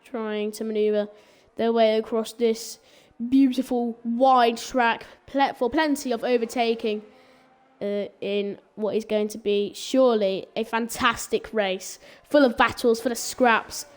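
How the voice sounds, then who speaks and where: A woman's voice: fairly high pitch, steady tone, a little slow. A woman commentating a live sim racing qualifying session in a chatty, rambling way, often stumbling and correcting herself. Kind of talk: live esports race commentary.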